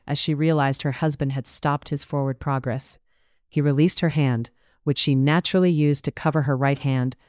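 Here a narrator delivers a period novel as an audiobook, telling the story in a measured, even manner into a studio mic. The voice is mid-range and the recording is dry, as befits scripted narration.

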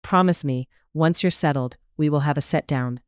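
An audiobook narrator voicing an elderly Irish housekeeper, motherly and gently scolding, with a light Irish lilt. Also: medium pitch, normal speed, clear, resonant tone, no room sound, studio quality, lightly acted. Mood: fond. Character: elderly Irish housekeeper woman, fussing and fond. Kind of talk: audiobook character voice.

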